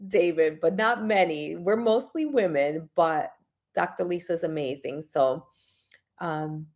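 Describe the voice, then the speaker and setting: Woman livestream host, low voice, gravelly, chatty, reads out comments. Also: takes it slowly, a little mellow. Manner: frequent fillers and restarts. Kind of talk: casual livestream chat.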